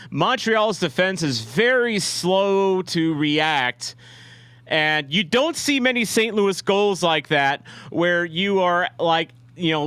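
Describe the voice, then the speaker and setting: A young man hosting a fan watch-along, reacting live to a match in a rambling, excitable way. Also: sits high, clear, resonant tone, no room sound. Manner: excitable, rambling, shouts at big plays.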